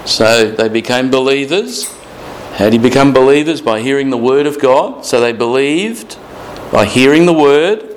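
Man preaching a slow emphatic sermon. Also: medium pitch, slight background noise, rough recording. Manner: slow emphatic reading of scripture, drawn-out phrases. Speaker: pastor.

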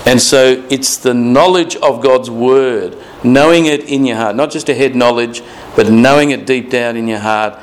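A man preaching a morning sermon as pastor, reading scripture aloud with drawn-out, emphatic phrases. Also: mid-range voice, slight background noise, rough recording.

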